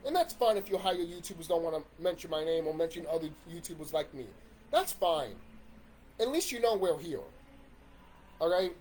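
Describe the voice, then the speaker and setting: A man's voice: on the high side, lively intonation, moderate pace, darkish tone, slight background noise. A man in a casual ranting monologue about video games, swearing and rambling with restarts. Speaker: YouTube commentator.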